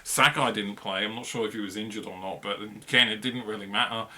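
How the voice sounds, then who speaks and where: A man with a lowish, sharp-toned voice talks a little fast as co-host of a football review podcast. His chat is rambling and filler-heavy, and he laughs in the middle of sentences.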